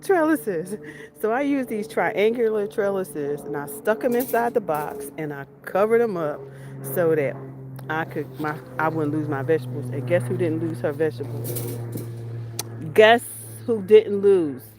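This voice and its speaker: A woman gives an excited, chatty tour of her garden outdoors. She keeps repeating herself and calls out to her viewers as y'all. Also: low voice, normal speed, background noise. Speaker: homestead vlogger.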